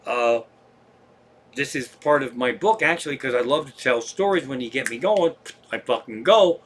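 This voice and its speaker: A middle-aged man with a Pennsylvania accent, a comedian telling a profane, animated story on a live stream. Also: medium pitch, moderate pace, slight background noise.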